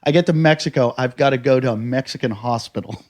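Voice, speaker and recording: A man from the United States, a comedian and podcast host, telling a story in casual chat, swearing often and bursting into shouted quotes. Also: mid-range voice, quick pace.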